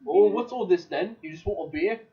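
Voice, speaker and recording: A man's voice: high voice, fairly quick, dark tone, muffled recording, pitched above the performer's own voice, natural voice. A man putting on a brash Jersey barkeep. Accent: put-on New Jersey. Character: gruff male tavern barkeep.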